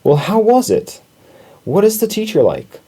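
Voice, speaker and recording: A man's voice: medium pitch, wildly swooping pitch, normal speed, warm tone, husky. A man voicing a caring mother mouse in a children's storybook, fond and motherly.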